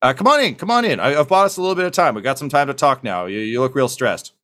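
A man voicing an eccentric, scheming mad scientist with a fast, chirpy, wheedling patter in a tabletop game. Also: medium pitch, lively intonation, a bit bright, voice pushed up, natural voice. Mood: eager.

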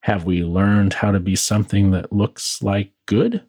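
Reading a scripted philosophical monologue he wrote himself, this podcast host adds wry, dry asides and sounds tired from a late night of work. His lowish, darkish voice stays steady at a measured pace, and the recording is dry.

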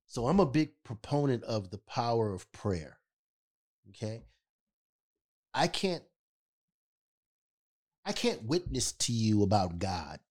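A man in easy podcast conversation, talking in a middle register with emphatic, animated storytelling. He drives his points home with a repeated "okay?" and lingers on key words. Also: medium pitch, slow, long pauses. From California. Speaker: podcast co-host. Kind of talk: casual storytelling chat.

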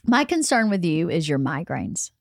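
A woman's voice: lowish voice, big pitch swings, moderate pace, creaky, no room sound, studio quality. A woman in her fifties hosting a podcast, chatting casually and motherly with her daughters. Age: 50s. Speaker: podcast host. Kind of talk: casual family chat.

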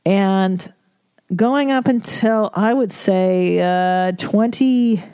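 A woman's voice: mid-range voice, slow pace, warm tone, smooth, no echo. Candid swearing woman podcast host, dry. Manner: candid, swears freely, emotional; reads listener letters aloud. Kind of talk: casual advice podcast monologue.

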